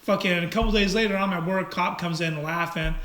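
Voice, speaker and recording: Animated, profane man in an echoey room. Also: high voice, fairly quick. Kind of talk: casual chat, telling a story. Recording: echoey room, faint noise.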